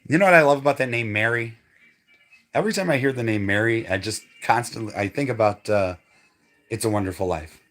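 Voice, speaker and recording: A man co-hosting a live home-tour stream, playful and excitable, sometimes breaking into shouts. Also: mid-range voice, a little fast, pauses often, soft background music. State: out of breath. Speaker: channel co-host giving a house tour.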